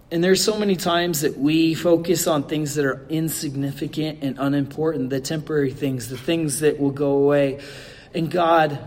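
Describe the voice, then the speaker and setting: A man's voice: fairly high pitch, long reverb tail. A middle-aged man, a pastor giving a sermon and telling a funny personal story with many fillers.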